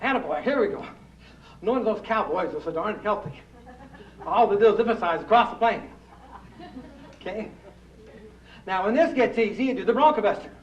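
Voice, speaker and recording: A man's voice: high voice, animated, fairly quick, pauses often. Folksy man demonstrating exercises, echoey. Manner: folksy, coaxing, asks the audience true or false. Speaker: rebounding exercise instructor. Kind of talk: live fitness demonstration to an audience. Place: room with a live audience. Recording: distant, echoey, dull old room recording.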